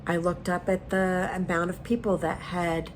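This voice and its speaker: A woman's voice: fairly low pitch, level tone, normal speed, background noise. A woman cooking in her home kitchen and telling a personal story in an earnest, casual way. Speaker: cooking vlogger. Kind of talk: casual chat while cooking.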